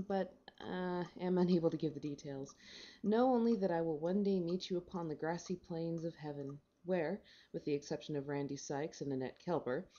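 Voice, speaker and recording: A woman's voice: fairly low pitch, dark tone, highs cut off. A woman reading a short story aloud in a wry, sardonic storytelling manner. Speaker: reader.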